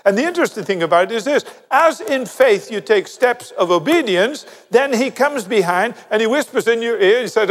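An older man preaching a sermon, with animated, storytelling delivery and quick asides. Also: very high-pitched. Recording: long hall reverb.

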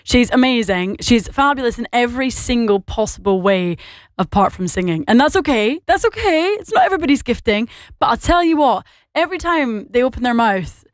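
A woman's voice: fairly high pitch, expressive, fairly quick, no echo, studio quality. A woman with a Scottish accent and a Northern Irish lilt, presenting Christian radio in a bubbly, chatty way between songs, laughing easily. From Scotland.

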